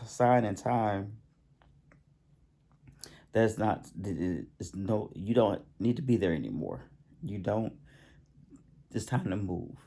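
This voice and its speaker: A man giving a spiritual healing talk to the camera, halting and repeating himself, often pausing to excuse himself and yawn. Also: fairly low pitch, dark tone. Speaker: self-help channel host.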